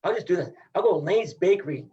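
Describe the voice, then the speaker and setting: A man's voice: sits high, animated, fast, warm tone, dull audio. A middle-aged man from Iowa, a wrestling coach, talking in a casual podcast interview in an emphatic, upbeat, folksy way.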